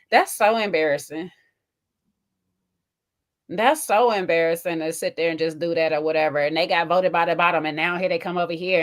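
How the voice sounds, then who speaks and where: A woman co-hosting a casual reality TV recap, chatting playfully and acting out what the cast members said. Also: fairly low pitch. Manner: animated, acts out cast members' lines with laughter. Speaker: co-host.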